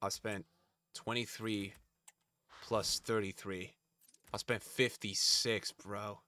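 A tired man live-streaming a game, swearing and venting at his chat, from mutters to yells. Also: fairly low pitch, level tone, takes it slowly, no room sound. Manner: swears and vents at chat, swinging from mumbling to yelling.

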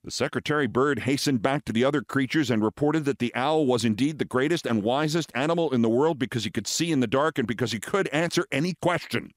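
A man in his sixties, a show host, reading fables aloud with expressive, theatrical storytelling. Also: medium pitch, quick pace, few pauses, no echo, clean studio sound.

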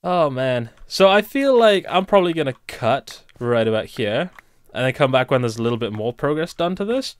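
A man's voice: medium pitch, sing-song, moderate pace, clear, resonant tone, no room sound. Rambling young man narrating his gameplay. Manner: rambling, thinks aloud and talks to himself while building. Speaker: let's play host. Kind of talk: casual gameplay commentary.

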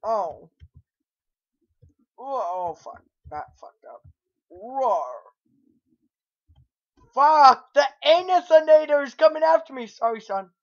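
A young man giving gameplay commentary, raging and swearing as he yells at the game. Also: very high voice, expressive, unhurried. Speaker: gamer. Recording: lo-fi dull recording.

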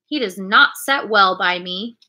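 Brief: a woman playing a huffy, outspoken squire in a storybook, bright voice. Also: mid-range voice, unhurried. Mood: indignant. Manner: indignant, exclaiming. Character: indignant, outspoken country squire, man.

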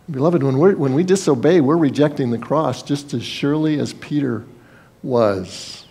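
A man's voice: medium pitch, normal speed, warm tone, slightly rough. A man preaching a sermon as pastor, in a conversational style, acting out quoted voices and sometimes repeating words.

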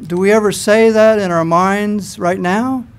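A man preaching a sermon to a church congregation, telling scripture stories in an animated way. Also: high-pitched, a little slow, smooth. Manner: animated storytelling, acts out scenes.

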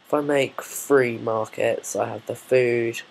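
A man's voice: mid-range voice, fairly even intonation, slow, creaky, a little hiss or hum, rough recording. A man casually commenting on his own gameplay, muttering, swearing and thinking aloud while he builds. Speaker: gameplay video maker.

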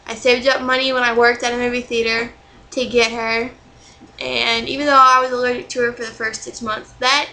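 A young woman vlogging to camera, rambling and exasperated as she rants with plenty of swearing. Her voice sits a little high and sounds bright and sharp, with a faint hiss in the background. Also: low-quality recording. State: still angry, bruised. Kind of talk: casual vlog rant.

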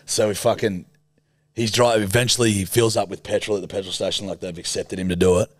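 A man's voice: on the low side, level tone, fast talker, no echo. A young Australian man co-hosting a podcast, telling a long sweary story in casual chat and acting out the other people in it. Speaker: podcast co-host.

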